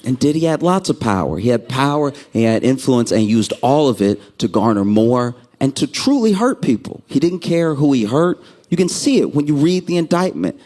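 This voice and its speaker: Male stand-up comic, very lively pitch, punchy storytelling, jumps up to voice the people in his bits. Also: normal speed, hardly any pauses. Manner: animated storytelling, acts out quoted people with sudden pitch jumps. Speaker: stand-up comedian. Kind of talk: stand-up comedy set.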